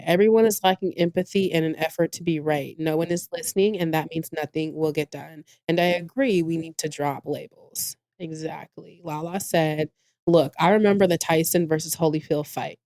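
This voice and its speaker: A woman's voice: low-pitched, moderate pace, darkish tone, no room sound. Blunt, joking woman podcast co-host. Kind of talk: casual podcast chat.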